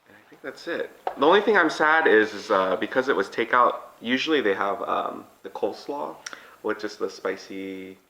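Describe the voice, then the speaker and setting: A man's voice: lowish voice, animated, normal speed, gravelly, bright, forceful tone, echoey room, poor audio. A man hosting a casual mukbang vlog, chatty and upbeat, talking over takeout at a table indoors. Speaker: vlog host.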